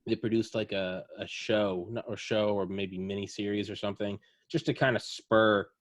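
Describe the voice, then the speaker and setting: A man chatting casually as a podcast co-host, telling a rambling, animated story full of fillers. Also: lowish voice, moderate pace. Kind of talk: casual chat.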